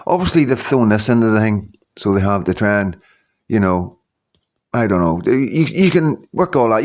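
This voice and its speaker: A man in his fifties giving a rambling, earnest motivational talk to his viewers, full of repeats and "you know what I mean". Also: mid-range voice. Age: 50s. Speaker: YouTuber.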